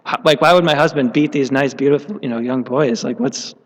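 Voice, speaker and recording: A man's voice: medium pitch, fairly quick, close to an everyday voice. Indignant young wife, put on by a male storyteller, exclaiming, hall reverb. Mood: shocked.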